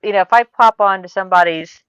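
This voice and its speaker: A woman's voice: medium pitch, fast, a bit bright, clean tone, dull audio. A woman streamer chatting casually with friends on a livestream, talkative and opinionated. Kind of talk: casual group chat on a livestream.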